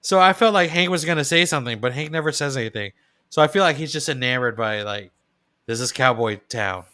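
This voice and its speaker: A man with a bright, smooth voice chats casually on a podcast, reacting and giving his takes on an episode. He talks in a relaxed way, with plenty of fillers, and his voice sits at an average pitch for a man. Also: fairly quick. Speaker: podcast co-host. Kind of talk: casual chat about a cartoon episode.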